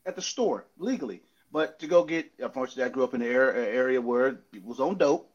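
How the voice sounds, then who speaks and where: A man talking in a casual chat, telling stories in an animated way and acting out hecklers. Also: fast talker, highs cut off. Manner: animated storytelling, acts out hecklers with big pitch jumps. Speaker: podcast host, former outfielder.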